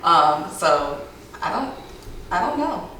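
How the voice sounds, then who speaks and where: A woman's voice: on the low side, sing-song, takes it slowly, a bit bright. A woman who grew up in the southern United States, talking through her thoughts in a casual podcast chat with many fillers. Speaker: podcast co-host. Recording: very echoey room, mic far off, faint hiss.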